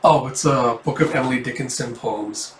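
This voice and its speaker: A man's voice: mid-range voice, normal speed, slight background noise. A man casually reading a comic aloud and adding offhand commentary, with frequent swearing and fillers. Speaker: comic readthrough host. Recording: roomy, distant mic, faint ambience.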